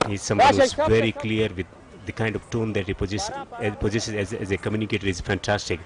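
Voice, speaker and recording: A man's voice: on the low side, expressive, fairly quick, crowd noise. A man giving earnest live cricket commentary, often repeating words as he restarts a phrase.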